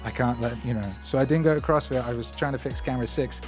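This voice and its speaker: Talking fast at a medium pitch, this musician and livestream host reads out viewer comments in a loose, joking ramble full of playful asides. His voice goes into a microphone on a stand in his home studio, yet it echoes as if he were in a large hall, with music in the background.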